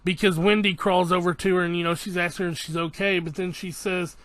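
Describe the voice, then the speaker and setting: Hyped guy recapping an episode, kinda high voice, cusses a lot, super dry sound. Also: fast, dry recording. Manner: excited, swears freely, re-enacts scenes. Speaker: anime reviewer.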